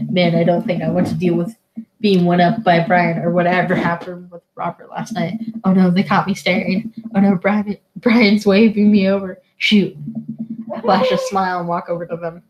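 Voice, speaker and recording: A woman's voice: on the low side, darkish tone, rough recording. A woman reading and joking through a dating game in casual let's play commentary, laughing at herself. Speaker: gamer playing a dad dating sim.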